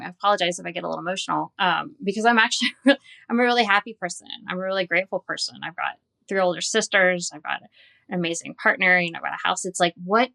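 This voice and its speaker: A woman's voice: lowish voice, quick pace, creaky, bright, forceful tone. A woman in her forties, a dietitian, telling her personal story candidly and earnestly in an interview. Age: 40s. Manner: candid and earnest, recounting with quoted dialogue. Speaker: dietitian and guest.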